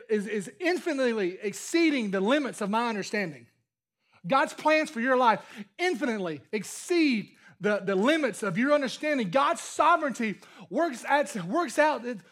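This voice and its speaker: A man's voice: very high-pitched, fairly bright tone. A man preaching a sermon as pastor, talking conversationally, repeating and restarting phrases and building up to emphatic points.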